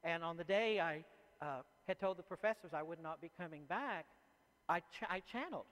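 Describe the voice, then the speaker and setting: A man, an author, speaking to a live audience as an animated and chatty storyteller. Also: a little high, moderate pace, big-room sound, poor audio. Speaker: author giving a talk.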